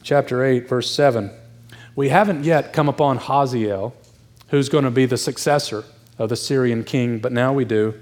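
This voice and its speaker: A man's voice: medium pitch, moderate pace, a little mellow. A middle-aged man preaching a sermon, out of breath, talking in a conversational and emphatic way and acting out the people in the story. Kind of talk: expository sermon.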